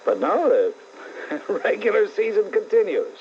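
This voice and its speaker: A man's voice: high-pitched, big pitch swings, unhurried, slight background noise. A middle-aged man with a New York accent hosting a call-in talk radio show, blunt and sarcastic, ranting at callers and listeners. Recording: muffled old AM radio tape.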